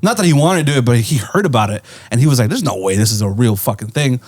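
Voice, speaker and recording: Rambling through a story on the podcast he co-hosts, this man swears freely and keeps adding "right?" to his lines from an indoor studio. He talks fast, with a medium-pitched, slightly mellow voice, lively intonation, and no echo.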